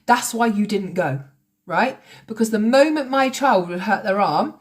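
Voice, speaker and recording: A woman's voice: mid-range voice, lively intonation, measured pace. A woman in her late thirties, ranting on a livestream in a confrontational, sweary, sarcastic way. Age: late 30s. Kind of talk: heated livestream rant. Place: at home, recording on TikTok Live.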